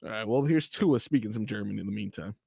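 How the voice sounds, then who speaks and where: A man's voice: fairly low pitch, quick pace, gravelly, dark tone, husky, no echo. A man co-hosting sports radio, joking playfully and laughing easily in casual studio banter.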